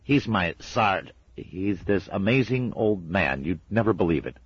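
A man's voice: sits low, expressive, measured pace, breathy edge, no echo, highs cut off, pitched above the performer's own voice, full character voice. A man voicing an anxious, earnest young man who talks eagerly and in a fluster, in a storybook reading.

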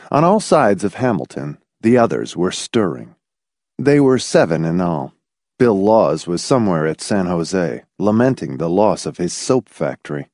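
A man reading an audiobook in a measured, expressive narration style. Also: fairly low pitch, no echo, clean studio sound. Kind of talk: scripted narration.

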